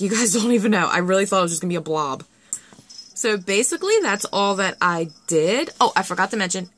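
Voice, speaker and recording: A young woman chatting excitedly through a nail art tutorial, full of fillers and self-deprecating asides. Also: medium pitch. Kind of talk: casual tutorial chat.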